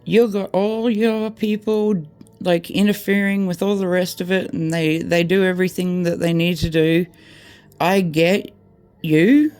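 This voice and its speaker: A woman's voice: lowish voice, steady tone, unhurried, darkish tone, clean tone. An Australian woman vlogging, ranting straight to camera in a blunt, heated way, swearing freely and filling her talk with "like" and "mate".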